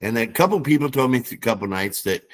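Lively middle-aged man telling a story. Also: medium pitch, fast talker. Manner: animated, acts out quoted dialogue. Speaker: guest. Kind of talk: casual storytelling.

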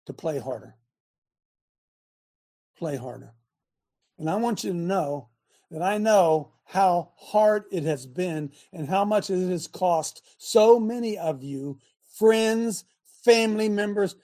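A husky man hosts a faith show in the manner of a coach. He jumps from loose chat to shouted exhortation, repeating phrases and laughing between points. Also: sits high. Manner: animated, shouting bursts, laughs, repeats himself. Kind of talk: exhorting talk to a live audience.

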